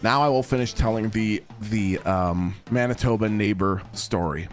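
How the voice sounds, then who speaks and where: A man's voice: on the low side, normal speed, soft background music. A man streaming from home, telling a long rambling story to his chat in a casual way.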